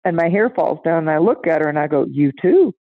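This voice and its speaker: Animated woman on a tinny phone line. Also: low-pitched, fairly quick, dry recording. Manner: animated, acts out voices in anecdotes. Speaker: astrology guest. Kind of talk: casual storytelling chat.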